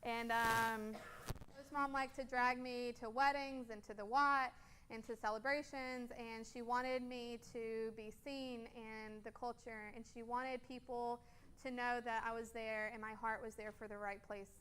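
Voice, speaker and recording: A woman's voice: a little high, level tone, unhurried, fairly bright tone, slight background noise. A woman in her twenties, a guest speaker at a church, telling a personal story over photos in an earnest, casual way with frequent ums.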